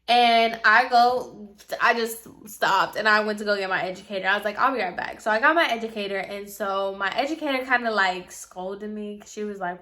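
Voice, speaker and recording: A woman's voice: a little high, lively intonation, normal speed, sharp tone. A woman in her twenties, a hairstylist telling a casual storytime, chatty and full of "like" fillers. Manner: chatty, filler-heavy with frequent "like".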